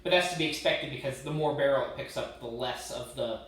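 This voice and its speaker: A man's voice: medium pitch, fairly quick, fairly bright tone, distant mic. A man co-hosting a casual whiskey tasting, opinionated, often restarting his sentences. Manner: opinionated, restarts phrases, prefers bourbon. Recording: very echoey room, a bit off-mic.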